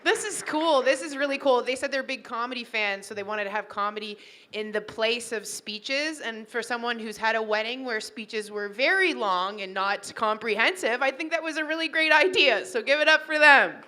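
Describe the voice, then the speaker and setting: Bright-voiced woman doing stand-up. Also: fairly high pitch, moderate pace. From Toronto, Canada. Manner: chatty, teasing the crowd. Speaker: stand-up comedian. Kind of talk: stand-up comedy set. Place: wedding reception hall.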